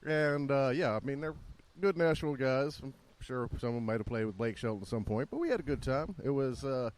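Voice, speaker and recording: A man's voice: medium pitch, lively intonation, fairly quick, darkish tone. A man co-hosting a podcast in casual chat, easygoing and agreeable, often answering in short replies.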